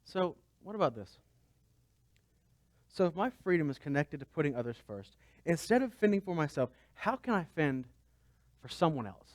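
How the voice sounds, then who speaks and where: A man's voice: fairly high pitch, big pitch swings, moderate pace, dry recording. A man pastor giving a conversational sermon, asking the congregation rhetorical questions.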